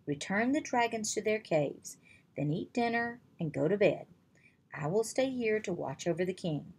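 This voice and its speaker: A woman reading aloud, voicing a calm, wise man who mentors young dragon masters in a storybook. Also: mid-range voice, normal speed, breathy edge. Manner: calm, reassuring instruction.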